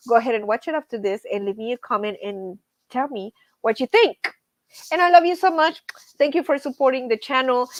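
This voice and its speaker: A woman's voice: a little high, dry recording. A middle-aged woman hosting a casual livestream, chatty, laughing often and greeting viewers from the chat. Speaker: livestream host.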